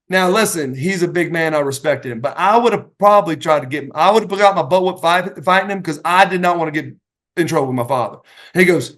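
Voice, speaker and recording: A middle-aged man, a retired wrestler and podcast guest, telling stories in a casual, animated way, acting out the voices of the people in them. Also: high voice, a little fast. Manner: animated anecdotes, acting out quoted voices, many restarts. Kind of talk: casual storytelling.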